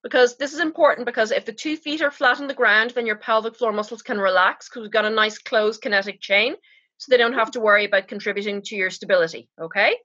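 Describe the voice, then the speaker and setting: Bright, husky-voiced woman coaching calmly. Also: on the high side, quick pace. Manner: calm, instructive, coaxing. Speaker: pelvic floor expert guest. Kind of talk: guiding an exercise on a podcast. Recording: slightly dull, lo-fi podcast audio.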